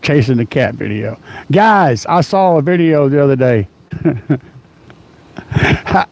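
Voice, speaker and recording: A middle-aged man hosts a casual car audio livestream, rambling in a rough-edged way with lots of fillers and easy laughs. His mid-range voice is expressive and a little mellow, and he speaks slowly.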